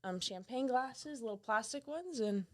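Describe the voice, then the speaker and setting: A woman's voice: a little high, lively intonation, normal speed. Chatty woman guest, rambling. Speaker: podcast guest, bodybuilding competitor. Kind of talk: casual interview chat.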